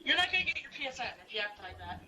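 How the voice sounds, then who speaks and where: A man with a high voice taunts in a mocking way, with laughter breaking in. He sounds set back from the mic, and clear background noise runs under the call. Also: big pitch swings, racing, sharp tone. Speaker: prank caller in an archived recording. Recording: distant call audio with noticeable noise.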